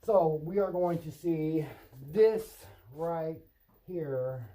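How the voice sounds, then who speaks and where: A man's voice: a little high, very slow, dark tone, slight background noise, poor audio. A man coaching roofing salespeople in a vlog, talking emphatically and often checking in with the viewer by asking "right?". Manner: emphatic coaching, role-plays customer and salesman lines. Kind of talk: instructional vlog.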